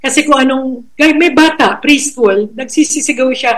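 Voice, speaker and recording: A middle-aged woman with a Filipino accent, a school educator giving a talk on raising children, slow and emphatic, switching languages, telling stories. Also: high-pitched, poor audio. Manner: code-switching, storytelling, slow emphatic phrasing.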